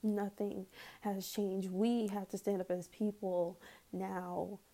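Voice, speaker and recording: A woman's voice: medium pitch, level tone, slow pace, dark tone. A woman ranting heatedly in a casual vlog, swearing often and breaking into nervous laughs.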